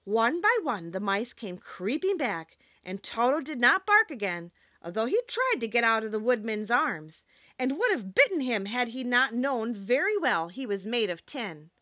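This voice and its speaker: Reading a classic children's tale aloud for an audiobook, a woman with a fairly high voice sounds expressive and measured. The recording is dry and the audio dull.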